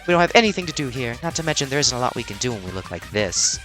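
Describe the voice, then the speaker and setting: A man's voice: medium pitch, sing-song, rapid-fire, a bit bright. A man putting on a playful dead girl who can't stop making puns, her voice swinging up and down as she teases, with faint music underneath. The game dialogue lands with a cheeky grin. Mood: teasing. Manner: playful, teasing joke delivery. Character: cheerful pun-loving dead young woman.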